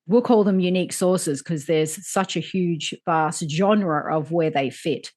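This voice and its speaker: A woman hosting a podcast, introducing a guest with enthusiastic, drawn-out phrasing. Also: lowish voice, darkish tone. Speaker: podcast host.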